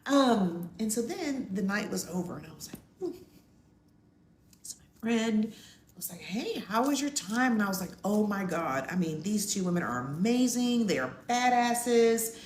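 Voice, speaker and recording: A middle-aged woman telling a personal story to her listeners in a loose, chatty way. Her pitch swings widely, and she jumps up high when she acts out what people said. She is recorded in an echoey room with a faint hum of ambience behind her. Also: normal speed. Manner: animated, acts out quotes in a high voice. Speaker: podcast co-host. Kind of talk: casual storytelling.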